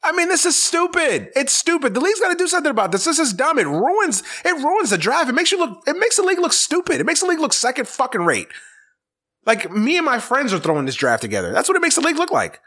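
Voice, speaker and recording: A man's voice: very high voice, big pitch swings, fast talker, pushed and bright. A man hosting a casual sports talk show, ranting in an exasperated, profane way and repeating his points. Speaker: sports podcast host.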